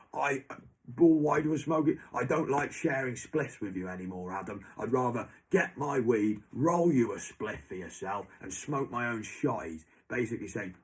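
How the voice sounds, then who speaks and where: A man's voice: medium pitch, animated, normal speed, a little mellow, husky. A young man, ranting angrily to someone who is not there. He swears heavily and keeps repeating that person's name. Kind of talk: angry monologue to an absent person.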